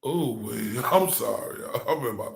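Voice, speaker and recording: A man's voice: medium pitch, expressive, unhurried, gravelly. A man hosting a live reaction stream, talking bluntly and profanely, mocking what he hears and talking to his chat.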